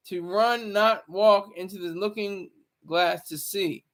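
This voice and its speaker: A man's voice: high-pitched, a little slow. A man talking casually on a live stream, rambling with many stammered restarts.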